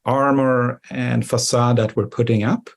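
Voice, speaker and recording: A man's voice: mid-range voice, steady tone, a little slow, creaky. A man on a webinar panel, speaking earnestly and emphatically as he explains ideas over a video call. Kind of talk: conversational panel discussion.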